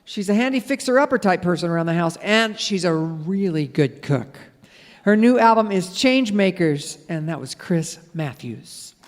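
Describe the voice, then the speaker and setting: A woman hosting a live radio music show, chatting warmly about the act and reading station credits. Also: lowish voice, lively intonation, moderate pace. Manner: friendly, chatty introductions. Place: theater stage before a live audience. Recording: long theater reverb with audience.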